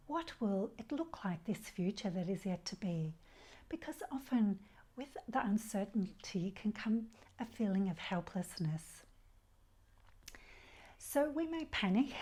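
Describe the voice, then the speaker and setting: A woman speaks slowly and softly, guiding listeners through a spiritual teaching. Her voice is mellow and warm, never pushed. On key phrases it sinks into breathy near-whispers. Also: medium pitch. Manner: soft, slow and unhurried, drops to breathy whispers on key words; leads a slow, soft group mantra chant. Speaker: bhakti yoga teacher. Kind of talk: gentle spiritual talk.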